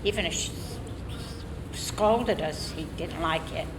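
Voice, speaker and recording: An older woman from Florida tells stories from her youth in a casual, lively way and laughs often. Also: lowish voice, measured pace. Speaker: oral history storyteller. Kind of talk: casual storytelling. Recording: echoey hall, noisy room.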